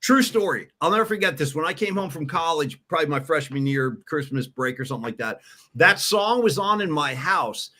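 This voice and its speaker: A middle-aged man hosting a casual sports and music podcast, animated and chatty, slipping into impressions. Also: on the high side. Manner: animated, quick to do impressions of others. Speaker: podcast host.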